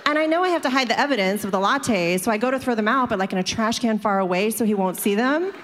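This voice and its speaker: A woman's voice: on the high side, expressive, quick pace, in a large hall, slight background noise. A woman telling a personal story to an audience in a chatty way, filling it with "like" and acting out the people in it.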